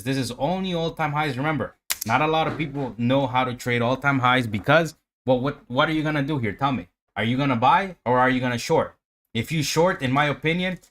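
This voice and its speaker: A man talks through his trades on a live stream, swearing freely and getting louder as he hypes himself up. He lectures his viewers, asks them questions and then answers himself. His voice sits at an ordinary middle pitch for a man. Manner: profane, hyped, talks to himself and chat. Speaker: livestream day trader. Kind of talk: live trading commentary.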